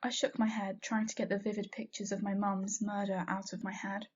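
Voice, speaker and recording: A woman reading a first-person fanfiction story aloud, in a soft, unhurried way that drops quiet at sad moments. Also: mid-range voice, little pitch movement, dull audio, slight background noise. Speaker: fanfiction reader.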